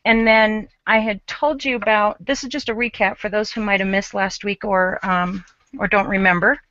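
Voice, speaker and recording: A woman's voice: mid-range voice, fairly even intonation, moderate pace, sharp tone, no echo. A woman hosting a live craft show, chatting and thinking aloud as she shows her artwork. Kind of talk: live-streamed craft demo. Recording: dull, lo-fi live stream.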